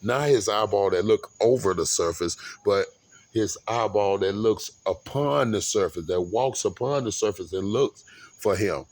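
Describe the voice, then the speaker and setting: A man with a somewhat low voice tells a rambling, casual story straight to his audience. He curses freely and trips over his own words, restarting phrases again and again. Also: unhurried, darkish tone. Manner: rambling, profane, with repeated restarts. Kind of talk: casual monologue recounting a bus trip.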